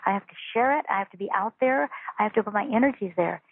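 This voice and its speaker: A fast-talking woman explains spiritual ideas during a phone interview, her medium-pitched voice gravelly and husky. She speaks with earnest emphasis and keeps repeating phrases to hammer points home, all through a tinny, dry phone line.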